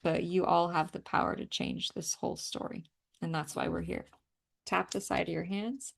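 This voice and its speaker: A woman leading a group energy clearing session, coaching listeners through breathing and tapping with emphatic, outspoken encouragement and the occasional swear word. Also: fairly low pitch, steady tone, normal speed. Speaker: energy healing facilitator.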